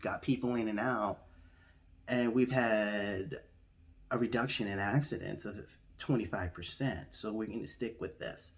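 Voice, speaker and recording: A man playing a polite, bumbling male office clerk who talks hesitantly and apologetically, full of ums. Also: lowish voice.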